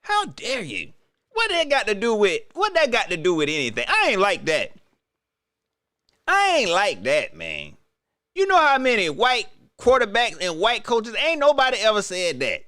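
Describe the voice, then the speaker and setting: Male sports vlogger, wildly swinging pitch, dry close sound, repetitive and joking. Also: huge pitch swings, normal speed, sharp tone, no echo. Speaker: sports commentator. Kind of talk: casual sports rant.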